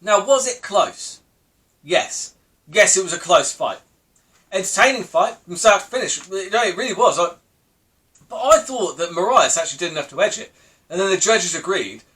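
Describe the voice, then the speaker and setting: A young man talks through the week's news in a loose, rambling way. His voice sits high for a man, and he laughs and swears as he goes. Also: animated, normal speed, bright, forceful tone. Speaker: podcast host. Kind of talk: casual solo commentary.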